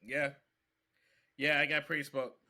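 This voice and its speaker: Young man from Alabama, podcast co-host; bright, sharp tone, stop-start delivery. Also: a little high, little pitch movement. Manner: halting, restarts often, acts out quotes. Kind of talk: casual comedic chat.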